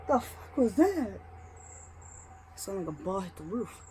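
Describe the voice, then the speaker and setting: A woman's voice: mid-range voice, a little slow, a little hiss or hum. A young woman vlogger telling a storytime, acting out the people in it and swearing casually. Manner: animated, acts out quotes, swears casually.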